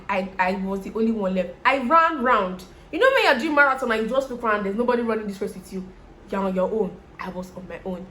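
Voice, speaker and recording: Her voice is fairly high-pitched, with a little hiss or hum behind it. This young Nigerian vlogger, Nigerian accent and all, does her make-up while spinning a story, chatting animatedly and addressing viewers directly.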